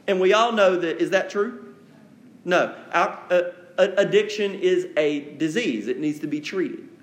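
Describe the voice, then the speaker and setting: Male pastor, high voice, emphatic conversational sermon, roomy church echo. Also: unhurried. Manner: conversational, emphatic preaching with acted-out quotes.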